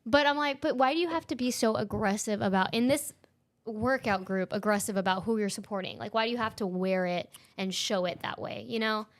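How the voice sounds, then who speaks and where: A woman co-hosting a podcast, talking casually and emphatically, with lots of "like". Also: medium pitch. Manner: fast, emphatic, says "like" often. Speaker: podcast co-host. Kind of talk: casual chat.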